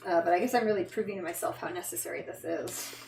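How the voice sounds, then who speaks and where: A fashion designer with a fairly low, fast voice and vocal fry livestreams as she works. Her chatter is casual and rambling, with swearing when she gets frustrated, captured in an echoey room with background noise.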